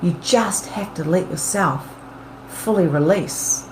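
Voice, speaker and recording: Animated woman coaching in a roomy space. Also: fairly low pitch, slow. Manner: animated, acts out worried inner voices. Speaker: podcast host and medium. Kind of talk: casual coaching monologue. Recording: roomy with faint background noise.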